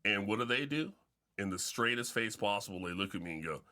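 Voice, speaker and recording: A man's voice: lowish voice, expressive, fast talker, bright, forceful tone. A middle-aged man hosting a casual sports podcast, telling stories with frequent restarts and fillers. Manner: storytelling, many restarts and fillers. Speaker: podcast host and football coach.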